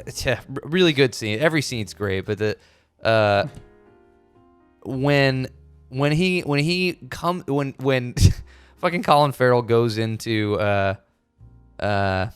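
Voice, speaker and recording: A man's voice: mid-range voice, slow pace, smooth, no echo, faint music behind. A man co-hosting a casual movie podcast, laid-back, swearing and trailing off as he hunts for names. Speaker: podcast co-host.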